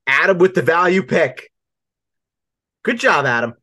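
Playful man with a lively voice. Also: a little high, unhurried, dry recording, studio quality. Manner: teasing, playful. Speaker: podcast co-host. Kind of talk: casual fantasy football podcast chat.

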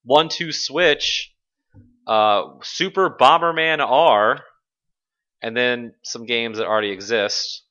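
A man's voice: medium pitch, takes it slowly, pushed and bright, dull audio. A man hosting a casual games podcast, talking loosely, swearing and laughing often. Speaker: podcast host. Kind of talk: casual chat.

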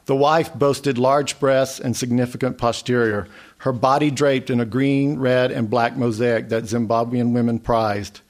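A man reading a literary memoir story aloud in a measured way. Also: mid-range voice, steady tone. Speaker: narrator.

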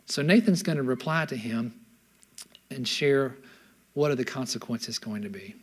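A man preaching a sermon as a pastor, retelling scripture as an animated story in casual everyday words and often checking in with his listeners. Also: medium pitch, normal speed, husky.

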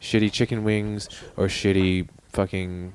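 A man's voice: deep voice, level tone, unhurried, background noise. A man chatting with friends on a podcast, blunt and opinionated with plenty of swearing. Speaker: podcast guest. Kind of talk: casual chat among friends.

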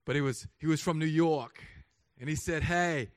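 A man, a pastor, preaching a sermon in a relaxed storytelling way, acting out voices now and then. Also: fairly high pitch, moderate pace, no echo, studio quality. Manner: conversational storytelling with put-on voices. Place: church hall.

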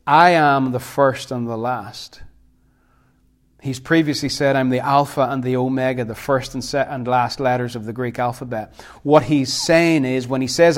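Impassioned male preacher, urgent and pleading. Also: mid-range voice. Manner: impassioned, repeats phrases for emphasis, drops to quiet intensity. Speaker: pastor. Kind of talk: sermon.

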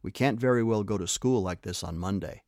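A man's voice: on the low side, a little fast, a little mellow, no room sound, studio quality, natural voice. A man doing a sensible horse girl. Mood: practical.

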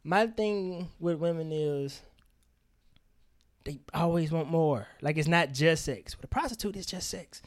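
Male podcast co-host, raised pitch, expressive, profane, candid chat. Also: a little slow. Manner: animated, emphatic storytelling with frequent swearing.

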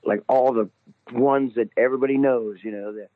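A man, a singer being interviewed, telling an animated story and laughing at himself. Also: medium pitch, a little fast. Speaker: guest singer. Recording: tinny phone line.

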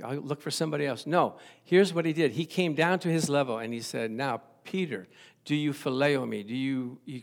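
A man in his sixties, a pastor preaching a sermon, animated and chuckling, acting out little dialogues as he goes. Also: medium pitch, creaky.

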